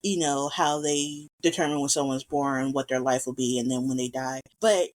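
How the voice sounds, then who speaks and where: A woman's voice: rumbling low, fairly even intonation, a little mellow. A woman hosting a casual film commentary, talking with rambling enthusiasm and gushing over scenes she loves. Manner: enthusiastic, rambling, quick to gush. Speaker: podcast host.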